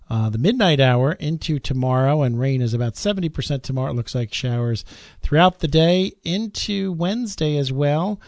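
A man hosts a local radio show, reading the weather in a loose, easygoing way with little pauses to think. His voice sits in a middle register and sounds close and dry, with no room around it. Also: mid-range voice, no echo. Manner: relaxed, with uh fillers. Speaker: radio host. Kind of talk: casual local radio chat.

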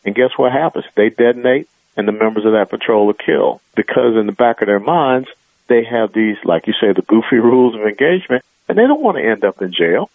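A man's voice: fairly low pitch, lively intonation, fairly quick, no room sound. A man as a radio interview guest, talking in an emphatic, earnest way over a phone line.

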